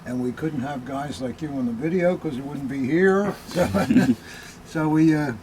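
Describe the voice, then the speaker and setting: A man's voice: a little high, unhurried, darkish tone, a little hiss or hum, low-quality recording. A man hosting a collectors' show, chatting and telling stories in a friendly way. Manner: friendly, storytelling. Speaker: host. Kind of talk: casual chat.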